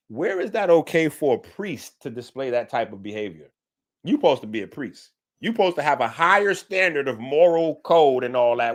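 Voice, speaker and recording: A man's voice: medium pitch, lively intonation, normal speed. A man giving heated, incredulous commentary on a live stream, lecturing and arguing point by point. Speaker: online commentator.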